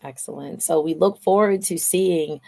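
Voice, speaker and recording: Low-voiced woman hosting a chat. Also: normal speed, creaky. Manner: lively, playful storytelling. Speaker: host. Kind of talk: casual chat.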